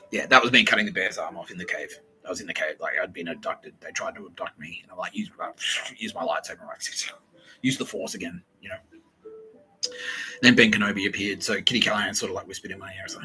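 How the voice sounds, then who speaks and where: A young man rambles through a comic story on his podcast, swearing freely and tossing off quoted lines. His low voice has a bright, forceful edge. A faint hiss sits under the recording. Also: rough recording. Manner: casual, swears a lot, acts out quotes in quick asides. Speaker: podcast host.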